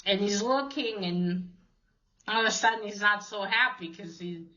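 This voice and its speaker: A woman's voice: medium pitch, moderate pace, bright, forceful tone, lo-fi sound. A woman casually retelling a comic book story, hesitant, with many fillers and restarts.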